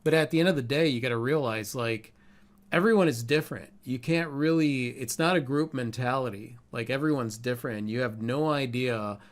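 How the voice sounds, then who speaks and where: A man co-hosting a casual podcast about art, talking in a relaxed, candid way and swearing freely. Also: mid-range voice, normal speed. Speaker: podcast co-host, artist.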